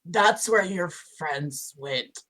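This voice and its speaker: Slow, low bright-voiced woman player. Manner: playful, flattering in character. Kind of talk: tabletop game chat and role-play.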